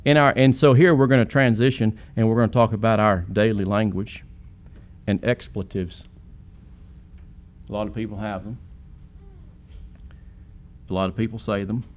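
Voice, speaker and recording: Guy preaching a sermon, earnest, voice jumps up loud for emphasis. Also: on the low side, fairly even intonation, moderate pace, long pauses. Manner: earnest, rising to sudden emphatic peaks.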